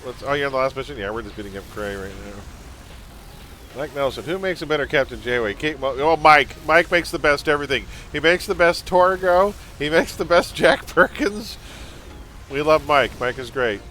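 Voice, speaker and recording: A man's voice: on the high side, expressive, moderate pace, bright, forceful tone, a little hiss or hum. A man hosting a live game stream, chatting casually with viewers and teammates, joking and laughing often.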